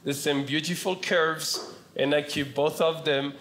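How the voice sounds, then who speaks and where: A man from France with a French accent doing stand-up comedy, delivering punchlines in a slow, deadpan way. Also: a little high, slight background noise. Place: comedy club stage with laughing audience. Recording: roomy stage sound with loud audience laughter.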